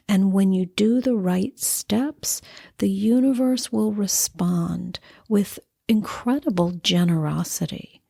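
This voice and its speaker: A middle-aged woman hosting a spiritual talk, teaching calmly and acting out playful quotes. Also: mid-range voice, vocal fry, slightly rough, no echo, clean studio sound. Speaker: podcast host and spiritual teacher. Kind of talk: calm spoken teaching monologue.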